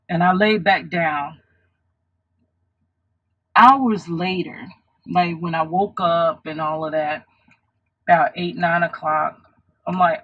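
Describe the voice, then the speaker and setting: A woman's voice: fairly low pitch, fairly even intonation, measured pace, pauses often, fairly bright tone, breathy edge, low-quality recording. A woman vlogger telling a personal story in an earnest, reflective way, often restarting her sentences.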